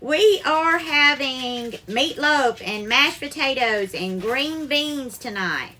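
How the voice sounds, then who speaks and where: Woman, live-stream cooking host, high-pitched, bright voice, calls viewers darling, greets them by name, home kitchen, phone mic. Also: expressive, slow pace.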